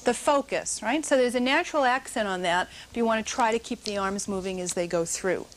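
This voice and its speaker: A woman's voice: fairly high pitch, fairly quick, a little hiss or hum. A middle-aged woman teaching a dance notation class in a studio, coaching dancers and calling counts aloud.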